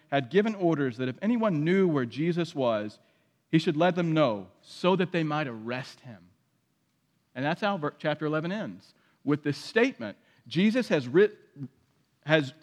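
A man preaching a sermon as pastor, reading scripture aloud with dramatic emphasis. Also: a little high. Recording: long hall reverb.

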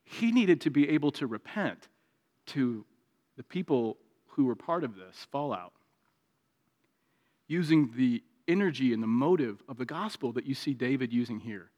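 A man preaching a sermon, moving between raised, emphatic passages and quiet, confiding stretches. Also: animated, normal speed, muffled recording. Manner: preaching with swings from raised intensity to quiet, low confiding tones. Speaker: pastor. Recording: long hall reverb.

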